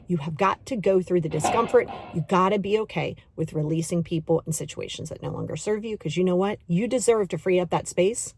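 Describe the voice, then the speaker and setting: A middle-aged woman hosting a podcast and giving a motivational self-help talk, emphatic and repetitive, coaxing the listener directly and acting out inner voices in quick asides. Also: on the low side, darkish tone, slight background noise. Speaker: podcast host and self-love coach.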